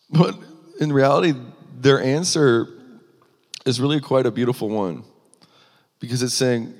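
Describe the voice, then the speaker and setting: A man's voice: medium pitch, a little slow, pauses often. Man preaching in a reverberant hall. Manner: earnest, rising with emphasis, frequent restarts. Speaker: pastor. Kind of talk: sermon.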